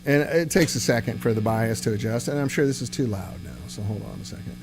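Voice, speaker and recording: A man's voice: medium pitch, quick pace. A man hosting a casual livestream, chatting loosely with viewers and using many filler words. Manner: relaxed, rambling, answers chat with filler words. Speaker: livestream host and amp builder. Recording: loud guitar amp playing behind. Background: electric guitar through amp.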